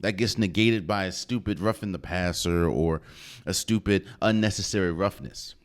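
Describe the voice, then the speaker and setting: A man's voice: sits low, normal speed. A man hosting a podcast, giving emphatic solo sports commentary and repeating phrases for effect. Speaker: podcast host.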